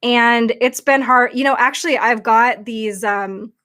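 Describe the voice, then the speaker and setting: A woman's voice: a little high, steady tone, measured pace, pushed and bright. A woman hosting a casual livestream, talking chattily and rambling with lots of fillers into her computer mic. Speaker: livestream host.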